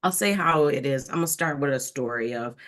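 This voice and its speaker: A woman from Detroit, a diversity coach, talking candidly in an interview, animated and frank with plenty of ums and likes. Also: rumbling low, fairly quick. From Detroit, Michigan, United States. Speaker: diversity and inclusion coach, guest. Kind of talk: candid personal storytelling in an interview.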